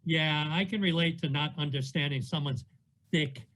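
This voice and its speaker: A man's voice: a little high, moderate pace, a bit bright, poor audio. A man hosting an event over a video call, casual and teasing. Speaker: host. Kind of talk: casual emceeing.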